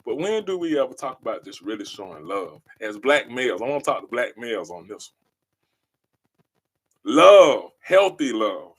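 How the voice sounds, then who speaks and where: A man's voice: lowish voice, big pitch swings, moderate pace, fairly bright tone, slightly rough. A man hosting a podcast, delivering a passionate monologue in an emphatic, preachy way and repeating his key phrases. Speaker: podcast host.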